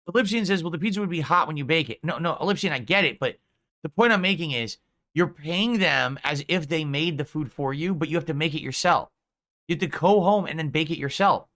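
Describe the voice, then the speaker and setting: A man's voice: on the high side, fairly bright tone. A man hosting a stream, ranting in casual chat with an incredulous tone. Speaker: streamer host.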